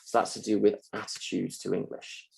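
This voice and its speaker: Male university lecturer, husky and low, explains casually with fillers. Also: monotone, moderate pace, a little mellow, poor audio. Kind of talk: mock lecture.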